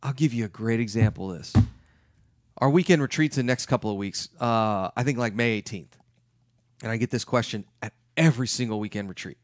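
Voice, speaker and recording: A middle-aged man giving an emphatic, lively talk as a real estate investment educator. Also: mid-range voice, brisk, no room sound. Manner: emphatic, acts out his clients' questions.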